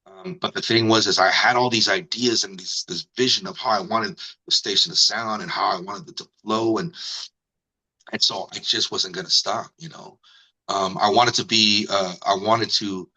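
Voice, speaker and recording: A middle-aged man, a radio personality, telling his story in a casual interview and acting out the people he quotes with sudden jumps in pitch. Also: fairly even intonation, normal speed, bright, forceful tone, breathy edge, rough recording.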